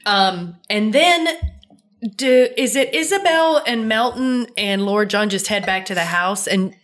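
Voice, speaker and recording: A woman's voice: medium pitch, expressive, a little slow, a bit bright. A woman co-hosting a podcast, joking and laughing often as she chats casually about a TV episode. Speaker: podcast co-host. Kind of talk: casual chat recapping a TV episode.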